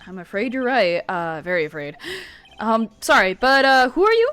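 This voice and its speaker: A woman's voice: a little high, sing-song, moderate pace, fairly bright tone, faint music behind. Woman doing a jittery young lawyer. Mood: nervous. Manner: stammering and anxious. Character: nervous young male defense attorney. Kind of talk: game dialogue read aloud.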